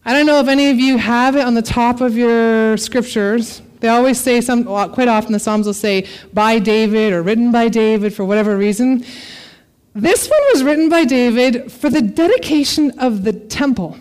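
Female preacher, high voice, expressive scripture reading, parent. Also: moderate pace. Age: adult parent. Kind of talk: sermon.

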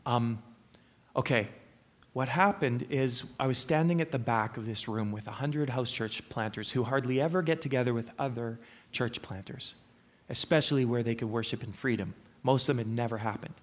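Middle-aged guy preaching, earnest storyteller, lots of ums, normal pitch. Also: moderate pace. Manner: earnest storytelling, with frequent fillers. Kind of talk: sermon.

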